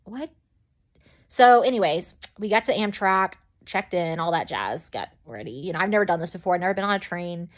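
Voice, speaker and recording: A woman's voice: lowish voice, animated, a little fast, hardly any pauses. A young woman vlogger telling a personal story in a casual, chatty way, rambling into side remarks and acting out her own past reactions. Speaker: makeup vlogger.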